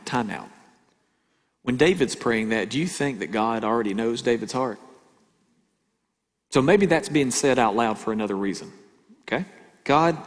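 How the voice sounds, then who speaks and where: A man preaching a sermon in a church hall, his mid-pitched voice trailing off into a long reverb. He stresses his points by saying them twice and keeps asking the listeners whether they are with him. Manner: emphatic, repeats key lines, asks the crowd for agreement. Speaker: pastor.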